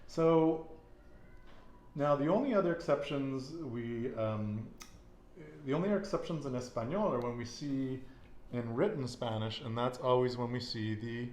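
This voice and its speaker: At a normal speed, a man with a darkish, mid-range voice runs a Spanish lesson. He quizzes his student patiently and echoes her answers with encouragement, recorded in an echoey room carrying faint noise.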